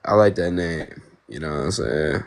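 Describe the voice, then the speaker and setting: A man's voice: a bass voice, normal speed, creaky. A young man from Ohio chatting casually with viewers on a live stream, laid-back slang, repeating himself, on a phone mic. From Ohio, United States.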